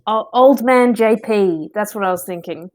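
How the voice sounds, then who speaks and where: A woman's voice: mid-range voice, darkish tone, rough recording. A woman playing a tabletop game, chatting casually and laughing easily. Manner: giggly, quick to laugh. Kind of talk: casual chat.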